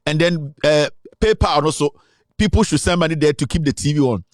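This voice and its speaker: Ghanaian man, live stream host, boastful and rambling, slightly high voice, dry close mic. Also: brisk, dry recording. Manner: boastful, switches between Twi and English, rambling asides. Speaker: online show host. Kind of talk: live political talk stream.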